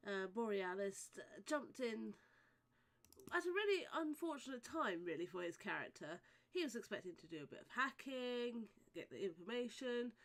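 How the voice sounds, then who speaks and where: A woman's voice: mid-range voice, a bit bright. A woman running a tabletop game as game master, talking hesitantly with many fillers. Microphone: voice chat microphone.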